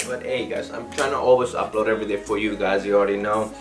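A man's voice: on the low side, fast, few pauses, music in the background. A young man hosting his own video, rambling casually with many fillers. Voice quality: rambling, heavy use of fillers. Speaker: youtuber host.

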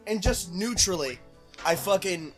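A young man with a somewhat high voice tells a story animatedly, swearing constantly and acting out what others said. Clear video game music plays underneath the conversation. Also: measured pace. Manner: animated storyteller, heavy swearing, acts out quotes. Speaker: co-host of a gaming playthrough. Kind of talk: casual chat while gaming. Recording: game music playing behind.

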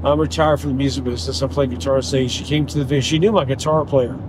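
Speaking at a quick pace in a steady, medium-pitched voice, a Southern-accented older man, rideshare driver and podcast host, makes casual conversation with a passenger. He cracks jokes in put-on accents and keeps things chatty and playful, all against the noise of the car's interior.

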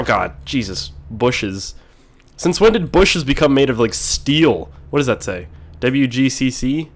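Sick dude doing a lets play, mid pitch, coughs n clears his throat, swears a lot and yells when stuff breaks. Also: a little slow. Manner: excitable, swears and yells at mishaps. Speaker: gaming video host. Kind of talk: casual let's-play commentary.

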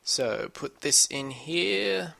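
A man's voice: on the high side, lively intonation, very slow, creaky, bright, forceful tone. Brief: male let's-player, swears a lot and rambles, grumbling at the game as he plays. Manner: profane, rambling, complaining to himself. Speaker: gamer playing a puzzle map. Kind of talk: let's-play commentary.

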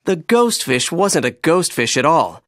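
Animated children's storybook narrator. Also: mid-range voice, unhurried, no echo, clean studio sound. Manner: expressive, animated read-aloud.

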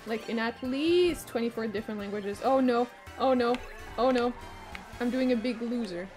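A woman streamer giving live commentary as she plays, excitable, swearing and shrieking when things get fast. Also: on the high side, faint music behind. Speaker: gaming streamer.

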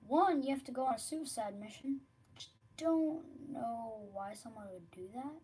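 A woman giving casual, rambling commentary while streaming a video game, often dropping to quiet mutters. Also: a little high, lively intonation, measured pace, slight background noise. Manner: chatty, rambling, drops to mutters.

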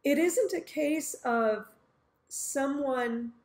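Slow, high-voiced woman teaching scripture. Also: darkish tone. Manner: earnest, acts out everyday scenarios to explain scripture. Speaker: Bible teacher. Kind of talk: Bible teaching talk.

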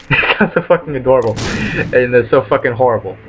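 A man talks through his game in casual let's play commentary, stumbling over ums and swearing constantly. His pitch sits in a middling range, and faint game music plays under his voice. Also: moderate pace, fairly bright tone, poor audio. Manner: rambling, filler-heavy, swears constantly. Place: at home.

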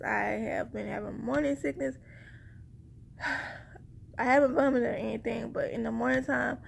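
A woman vlogger gives a pregnancy update in a casual chat to camera, rambling and addressing viewers directly. Her fairly high voice has vocal fry and sounds slightly breathless, with a little hiss or hum in the background.

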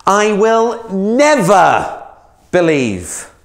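A man voicing a stubborn, grieving male disciple who insists on proof, speaking slowly and forcefully with drawn-out emphasis. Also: sits high, big pitch swings, reverberant, voice pushed up, exaggerated voice. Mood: emphatic defiance.

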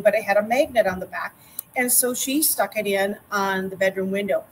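A middle-aged woman, a master gardener guest, chatting casually and telling lively anecdotes. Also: mid-range voice, a little hiss or hum, rough recording. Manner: lively anecdotes, acts out quotes. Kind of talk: casual storytelling chat.

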